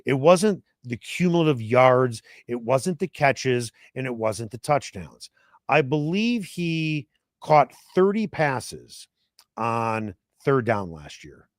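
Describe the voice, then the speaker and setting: A man's voice: mid-range voice, sing-song, dry recording, studio quality. Chicago-raised man hosting sports talk. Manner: measured, explanatory, asks pointed questions. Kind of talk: sports talk radio chat.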